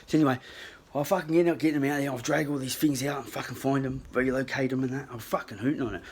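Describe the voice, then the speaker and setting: A man with an Australian accent telling a rambling, profanity-filled story into his phone in a casual, animated way. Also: medium pitch, fast talker, slightly rough. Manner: swears constantly, rambling and animated. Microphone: handheld phone.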